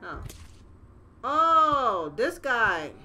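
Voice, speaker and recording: A young woman playing a horror game and reacting out loud, profane and jokey as she goes. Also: fairly high pitch, sing-song, extremely slow. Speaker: gaming channel host.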